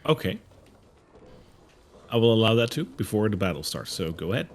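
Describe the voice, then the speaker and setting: A man narrating as game master of a tabletop game, giving measured, easygoing rulings. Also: fairly low pitch, big pitch swings.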